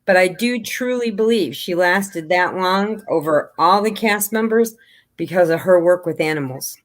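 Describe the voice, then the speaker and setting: A woman's voice: lowish voice, moderate pace. A chatty woman guest on a call. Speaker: guest crochet creator. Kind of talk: casual live chat.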